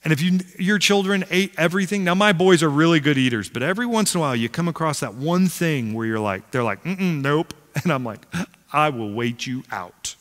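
A man's voice: on the high side, quick pace, hardly any pauses. A middle-aged man preaching a sermon as pastor, telling stories with humor and acting out the voices in them. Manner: animated storyteller, acts out quotes, self-deprecating humor. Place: large church sanctuary. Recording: long hall reverb.

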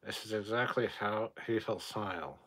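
A lowish, husky male voice carries this casual livestream chat. He reads out viewer questions and answers them bluntly, with swearing and sarcastic jabs. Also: normal speed, pushed and bright. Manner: irreverent, profane, sarcastic rants.

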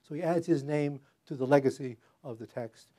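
Older man lecturing, halting, mellow. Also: on the high side. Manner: halting, with frequent fillers and restarts. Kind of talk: academic public lecture. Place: lecture hall.

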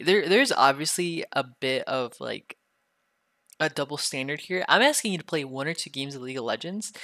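A young man with a sore throat from illness voices a bratty, foul-mouthed ASMR role-play, teasing and bargaining as he talks. His tone is bright and forceful. The sound is close and dry, with no room echo. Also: a little high. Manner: bratty, teasing, heavy swearing.

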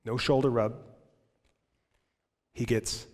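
Pastor preaching in an echoing church. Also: male voice, fairly high pitch, animated, unhurried, pauses often. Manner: dramatic, swings from loud to hushed. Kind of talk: sermon. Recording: long church reverb.

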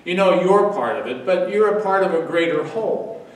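Recorded by a distant mic in an echoey room, a pastor in his seventies gives a daily devotional sermon. His voice sits high and is expressive at a normal speed, and he tells the story earnestly, repeating phrases for weight.

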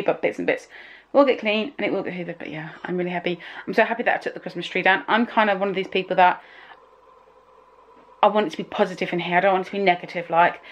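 A woman's voice: on the low side, highs cut off. A young woman chatting casually at home for her vlog, rambling and emotional, often trailing off mid-thought. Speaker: vlogger.

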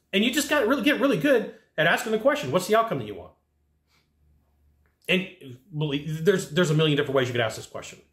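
An energetic man hosting a casual sales lesson, talking straight to viewers and acting out short dialogues. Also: high voice, reverberant. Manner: energetic and amped up; conversational, acting out quick dialogues. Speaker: sales trainer and channel host.

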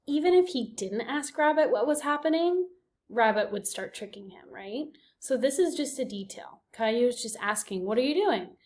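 A woman's voice: a little high, expressive, normal speed, darkish tone. A woman teacher giving a recorded reading lesson, explaining patiently and often checking in with her students. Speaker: elementary school teacher.

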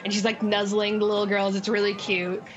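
Here a woman acts as dungeon master for a tabletop game, talking chattily with giggles and many fillers. She speaks fairly quickly in a monotone at medium pitch; the audio is dull and music plays behind her.

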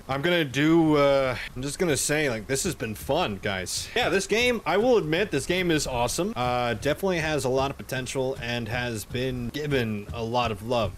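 A man's voice: mid-range voice, slight background noise. A young man hosting a gaming channel, rambling through a horror game in let's play commentary and yelping and swearing when startled. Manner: rambling, jumpy, yelps and swears at scares.

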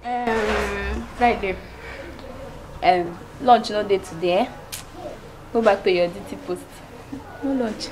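An actress with a Nigerian Pidgin accent playing a teasing, dismissive young housemaid. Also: female voice, medium pitch, slow, long pauses, noisy background, natural voice. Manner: teasing, offhand. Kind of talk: Nollywood film acting.

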